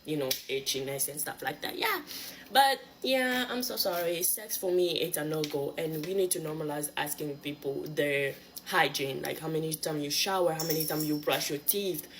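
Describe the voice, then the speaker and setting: Animated woman venting. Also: low voice, normal speed, slight background noise. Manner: animated, exasperated, blunt. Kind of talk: casual storytelling to camera.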